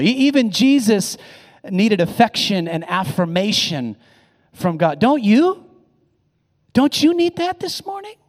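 A man's voice: high-pitched, a little mellow, in a large hall. A pastor delivering a sermon. He preaches emphatically, with phrases that rise and swell, and he often repeats or restarts words.

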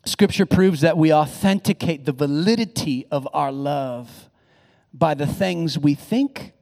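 A man's voice: on the high side, a little slow, vocal fry, a little mellow, long reverb tail. A pastor delivering a sermon. He preaches emphatically, with phrases that rise and swell, and he often repeats or restarts words.

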